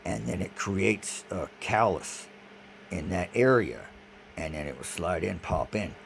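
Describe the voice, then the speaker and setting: Deep gravelly man rambling, noisy recording. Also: unhurried. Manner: agitated, rambling, repeats himself; swears often. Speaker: vlogger. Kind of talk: rambling video monologue. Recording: noisy background.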